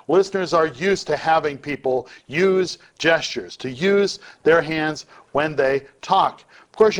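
A man teaching public speaking in a lecture, deliberately shifting his volume and pace to show each point. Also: on the high side.

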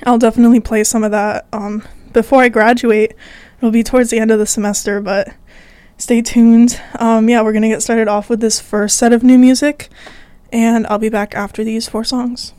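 A woman's voice: fairly high pitch, flat delivery, moderate pace, dark tone, clean tone, no echo. Chatty young woman on college radio. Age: young adult. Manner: chatty, with fillers. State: a little out of breath. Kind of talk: casual radio show chat.

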